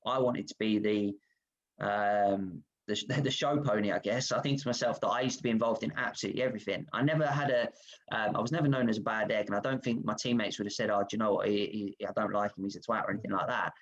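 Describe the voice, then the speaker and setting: A former football player, speaking fast in a lowish voice, tells frank stories about himself as a guest over video call. The recording has its highs cut off, and his anecdotes are animated and self-reflective.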